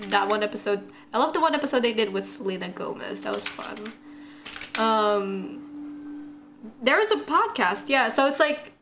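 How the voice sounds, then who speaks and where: A woman's voice: medium pitch, a bit bright. A young woman streaming live, chatting casually and rambling while she draws, answering chat and laughing often. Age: young adult.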